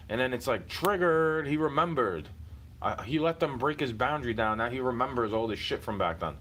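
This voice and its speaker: A man's voice: mid-range voice, expressive, a little fast, fairly bright tone, slight background noise. A man venting in a heated, profane monologue, repeating himself and circling back to the same points.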